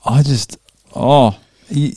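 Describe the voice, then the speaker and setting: A man's voice: medium pitch, slow, warm tone, breathy edge, no room sound, clean studio sound. A man hosting a casual interview, blunt, swearing freely and drifting off topic. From Australia. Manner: blunt, swears often, easily sidetracked. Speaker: podcast host.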